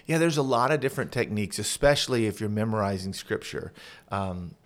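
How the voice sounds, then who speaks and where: A man's voice: on the low side, animated, a little fast. A man, a pastor, talking earnestly on a podcast and walking through example prayers as he teaches. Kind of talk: podcast conversation.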